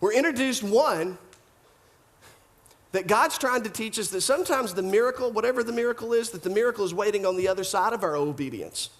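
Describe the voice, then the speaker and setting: A male pastor preaching a sermon in an animated style, full of rhetorical questions and repeated phrases. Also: sits high, brisk.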